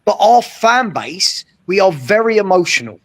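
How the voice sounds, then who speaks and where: A man, co-hosting a casual football chat, emphatic and often checking agreement with a quick question. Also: sits high, sing-song. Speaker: co-host.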